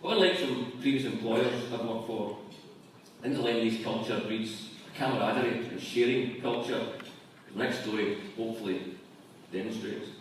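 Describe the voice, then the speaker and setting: Man, after-dinner speaker, deadpan jokes, distant mic in a very echoey room, audible noise. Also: fairly low pitch, moderate pace. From Scotland. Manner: deadpan joke telling. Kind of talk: comic after-dinner speech. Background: audience laughter.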